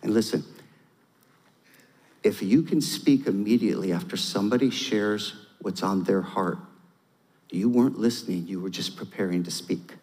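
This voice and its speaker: A man's voice: on the low side, moderate pace, pauses often, a little mellow. Man preaching in a reverberant hall. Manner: conversational preaching, rising to emphatic. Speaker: pastor. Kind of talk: sermon.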